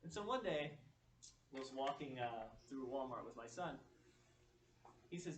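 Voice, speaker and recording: Storytelling keynote speaker in an echoey hall. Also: male voice, mid-range voice, normal speed, long pauses. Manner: animated, acting out dialogue. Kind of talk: storytelling speech. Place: speech venue. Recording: echoey hall, mic far off, faint noise.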